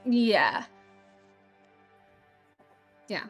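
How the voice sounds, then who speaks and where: A woman playing a tabletop game in character, halting and dry, with lots of fillers. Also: medium pitch, very animated, slightly rough, soft background music. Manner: halting, sarcastic, many fillers. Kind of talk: in-character role-play chat.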